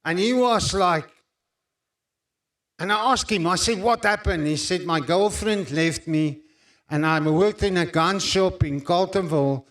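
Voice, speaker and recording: A South African man preaching to a congregation, telling his own story in a slow, deliberate way. His voice sits high for a man and he leans on long, intense pauses. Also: fairly bright tone. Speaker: preacher giving testimony. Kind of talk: sermon with personal testimony.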